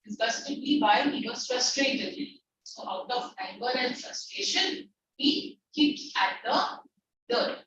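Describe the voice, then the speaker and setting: Indian woman tutor, high voice, echoey. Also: big pitch swings, slow, a crowd in the background. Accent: Indian English. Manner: reads a passage aloud and explains it line by line, mixing in Hindi. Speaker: English tutor. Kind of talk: online class lecture, reading and explaining a text. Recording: distant, echoey, muffled online lecture recording with faint noise.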